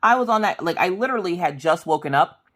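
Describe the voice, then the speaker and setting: Talking fast in a fairly low, expressive voice with a fairly bright tone, a woman in her thirties vlogs while crafting. Her casual chat wanders through family stories as she performs everyone's lines.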